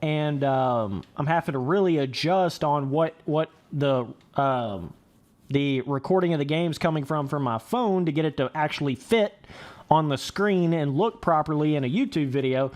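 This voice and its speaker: A man's voice: a little high, normal speed, a little mellow. Laid-back young man streaming a game. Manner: laid-back, rambling, swears freely. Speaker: gaming livestreamer. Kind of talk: casual livestream commentary.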